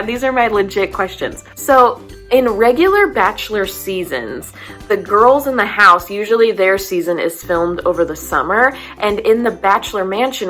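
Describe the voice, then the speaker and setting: A woman talking casually as a show host, recapping episodes in an animated, self-deprecating way. Her voice sits in a middle pitch, and faint music plays under her speech.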